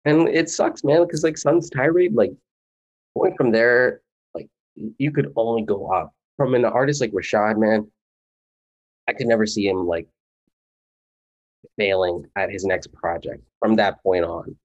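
A man with a very low voice chats on a podcast, earnest and rambling, leaning on fillers as he works through his thoughts. The sound is a bit dull and lo-fi. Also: unhurried, pauses often. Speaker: podcast co-host. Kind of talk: casual chat.

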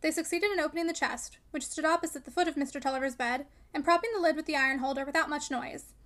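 A woman reading a classic novel aloud in steady scripted narration, voicing the dialogue quietly. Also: high voice, fast. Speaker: audiobook reader.

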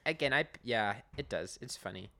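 A man's voice: on the low side, lively intonation, normal speed, bright, forceful tone. A young man co-hosting a podcast, recapping episodes in casual, laughing chat with many restarts.

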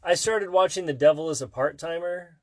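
A woman with a notably low voice chats casually with her child. She is playful, keeps asking questions, and laughs easily mid-sentence. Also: fairly quick, darkish tone, slight background noise. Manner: playful, asks lots of questions. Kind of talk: casual chat.

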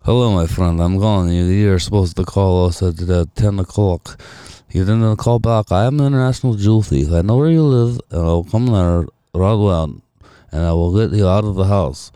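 A man playing a deadpan, mock-menacing jewel thief caller. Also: low-pitched, smooth, dry recording, natural voice. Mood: mock menace. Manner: overly formal, slow, deadpan threats.

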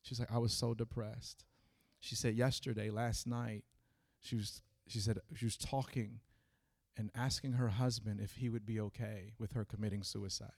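A man with a low, gravelly voice preaches to his congregation. He speaks haltingly with plenty of ums and restarts, then swells into fervent, loud preaching. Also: fairly even intonation. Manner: halting, many fillers, rising to fervent preaching. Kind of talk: sermon.

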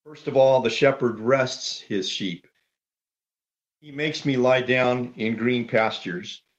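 A man preaching a sermon as pastor, measured and orderly, laying out numbered points. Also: medium pitch, fairly even intonation, lo-fi sound.

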